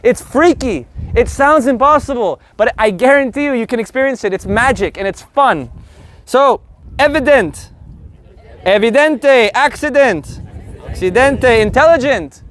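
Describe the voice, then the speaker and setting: A man with a very high voice runs a live online Spanish lesson, joking and animated as he slowly repeats words for his learners.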